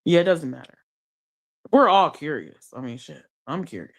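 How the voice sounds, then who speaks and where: Lying in bed under blankets, a woman live-streams from her phone, chatting casually in slang, reading her chat aloud and laughing often. Her voice is low-pitched with big pitch swings, at normal speed.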